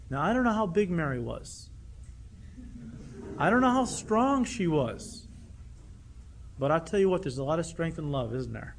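High-voiced earnest male preacher. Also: lively intonation, normal speed, creaky, pauses often. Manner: earnest, with many rhetorical questions. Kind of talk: sermon.

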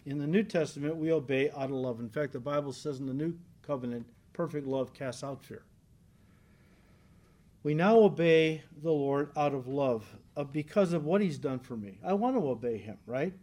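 A man's voice: a little high, moderate pace, mellow. A male pastor giving an earnest, emphatic sermon to a congregation in church. He repeats key lines for stress and often checks in with "right?".

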